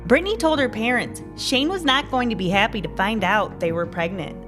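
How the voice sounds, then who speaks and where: A woman hosting a true crime show, giving expressive, scripted narration. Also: fairly high pitch, brisk, over music.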